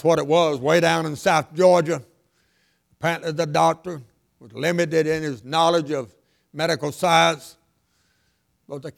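An older man preaching a sermon, repeating lines for emphasis and swinging between loud and hushed delivery. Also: on the high side, gravelly.

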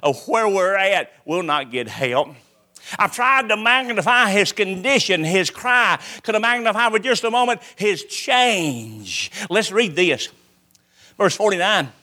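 A man preaching a sermon, swinging between loud calls and hushed lines. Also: high voice, big pitch swings, a little slow.

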